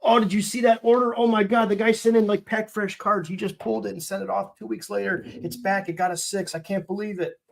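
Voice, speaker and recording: Brief: man doing a high, whiny, complaining hobby griper, over-the-top mockery. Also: fairly even intonation, fairly quick, creaky, hardly any pauses. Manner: mocking, exaggerated complaining. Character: whiny griping male card collector.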